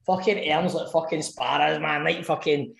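A man's voice: fairly high pitch, steady tone, moderate pace, gravelly, fairly bright tone, reverberant. A man with a Scottish accent, in his twenties, telling a rowdy story in casual podcast chat with plenty of swearing. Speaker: podcast co-host.

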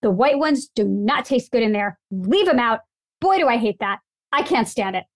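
Woman, food writer guest, casual chat, emphatic, fairly high voice. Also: animated, no echo. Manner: emphatic, opinionated, quick asides.

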